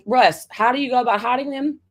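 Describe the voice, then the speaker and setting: A woman co-hosting a livestream, blunt and quick to laugh, fighting a cough. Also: a little high, breathy edge. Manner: blunt, laughing, playfully argumentative. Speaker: co-host and cruise booker. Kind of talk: casual livestream chat.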